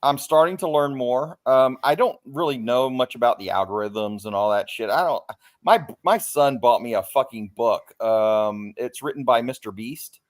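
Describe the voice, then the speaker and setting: A man's voice: mid-range voice, moderate pace. A man, a livestream panelist chatting casually, rambling and joking and swearing freely. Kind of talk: casual stream chat.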